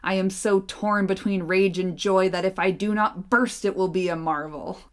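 A woman voicing a gruff male dwarf warrior who bursts out in loud, blustering scolding as she reads a storybook aloud. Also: low voice, fairly even intonation, takes it slowly. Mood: indignant bluster.

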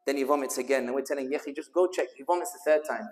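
A man's voice: mid-range voice, rapid-fire, long reverb tail. A man with a London accent giving a speech at a community dinner, mixing rousing rhetorical questions with humorous storytelling. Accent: London English. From United Kingdom. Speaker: guest speaker.

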